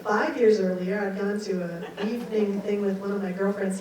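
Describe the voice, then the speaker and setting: An older woman giving a talk, telling a personal story in an animated way, acting out what she thought and laughing along. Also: medium pitch, normal speed, few pauses. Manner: animated, acts out her own quoted thoughts and laughs. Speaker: guest speaker. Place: meeting room at a talk. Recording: very echoey hall, mic far off, faint hiss.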